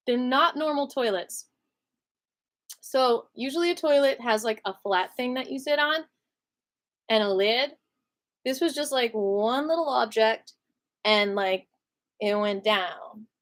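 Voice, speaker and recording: A fairly high-voiced woman talking to her viewers in a storytime vlog. She rambles with plenty of fillers and breaks into laughter between words. Her talk is loose, animated and conversational. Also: a little slow, pauses often. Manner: animated retelling with many fillers. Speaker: vlogger.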